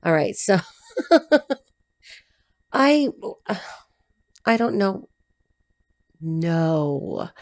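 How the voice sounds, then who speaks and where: A woman reading tarot who chats off the cuff, rambling and swearing freely, laughing often and jumping between low asides and high excited bursts. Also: drawn-out words, pauses often. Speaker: tarot reader and life coach. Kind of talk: casual unscripted chat to camera.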